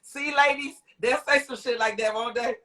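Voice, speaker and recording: Her voice sits fairly high and stays steady, moving at a moderate pace over heavy background noise. This singer and author, guesting on a live interview, rambles with heartfelt emotion, repeating herself and exclaiming as livestream interviewees do.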